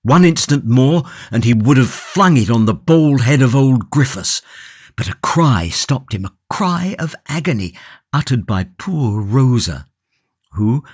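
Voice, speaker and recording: A man narrating a classic novel audiobook in a measured, steady reading from a close studio mic. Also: mid-range voice, dry recording. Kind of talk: scripted narration.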